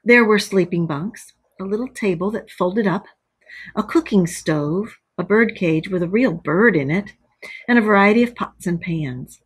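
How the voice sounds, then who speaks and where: A woman's voice: mid-range voice, animated, unhurried, breathy edge. A woman teacher reading a story aloud to children, stopping to explain words.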